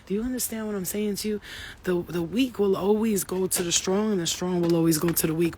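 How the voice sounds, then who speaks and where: A woman's voice: fairly low pitch, brisk, warm tone, slight background noise. A woman giving an intuitive spiritual reading to her viewers, talking in a profane, emphatic and preachy way. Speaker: spiritual reader.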